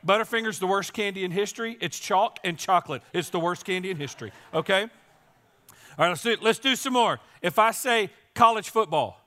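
A man preaching an Easter sermon to his congregation as pastor, his voice strained and squeaky today, joking and teasing the crowd as he talks. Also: lively intonation, moderate pace, sharp tone. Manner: joking, playful, teasing the audience. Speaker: teaching and campus pastor. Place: church service.

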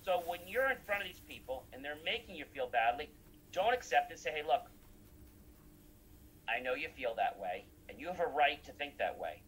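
A man's voice: fairly high pitch, sing-song, moderate pace, a bit bright, a little hiss or hum, low-quality recording. A man recounting anecdotes in a casual talk, acting out the dialogue he quotes.

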